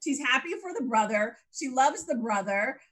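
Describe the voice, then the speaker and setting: A woman co-hosting a casual show recap, animated and laughing often as she acts out her reactions. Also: a little high, normal speed. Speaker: podcast co-host.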